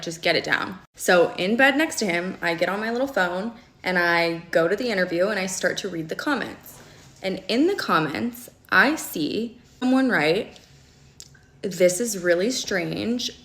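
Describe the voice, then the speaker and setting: A woman's voice: on the low side, fairly bright tone. A young woman telling a personal story in casual storytime style, emphatic and often checking in with "okay?". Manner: emphatic, peppers talk with "okay?" and "like". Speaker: storyteller in a video clip.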